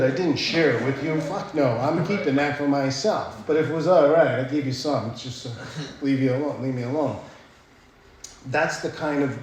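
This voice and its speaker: Blunt, profane man in an echoey hall. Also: mid-range voice. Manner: blunt, profane, storytelling with frequent "right?". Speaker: speaker sharing his recovery story. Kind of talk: personal recovery talk. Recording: very echoey room, faint ambience.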